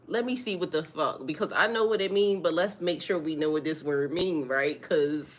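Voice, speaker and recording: A middle-aged woman, hosting a casual spiritual live stream in a rambling, excitable, profane way. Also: sits low, moderate pace. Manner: rambling, excitable, profane, greets viewers by name.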